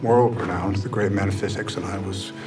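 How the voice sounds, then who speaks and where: An actor playing a composed male official testifying at a hearing, speaking in a measured, formal way. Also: sits low, fairly even intonation, music in the background, natural voice. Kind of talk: film drama acting. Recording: film clip with score behind.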